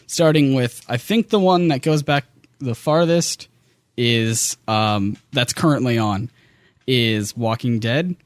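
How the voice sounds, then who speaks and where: A man hosting a casual podcast, chatty and brisk, rushing through his asides. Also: medium pitch, no echo, studio quality. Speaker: podcast host.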